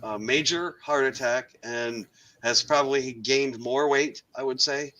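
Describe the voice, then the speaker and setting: A man's voice: mid-range voice, measured pace, bright, forceful tone, rough recording. A man in a casual podcast chat, telling a work anecdote in a dry, wry way, with frequent ums.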